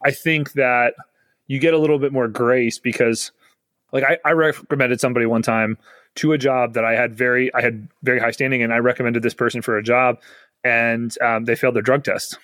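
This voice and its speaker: A man's voice: medium pitch, flat delivery, a little fast, fairly bright tone, no echo, clean studio sound. A man hosting a podcast, talking casually with many fillers. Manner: rambling, filler-heavy interviewing. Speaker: podcast host.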